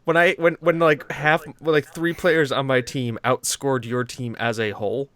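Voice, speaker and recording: An American man co-hosting a casual gaming podcast. He tells rambling stories, swears freely and laughs often, in a voice of ordinary pitch. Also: fairly even intonation, moderate pace, a bit bright. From United States. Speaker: podcast co-host. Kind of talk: casual chat.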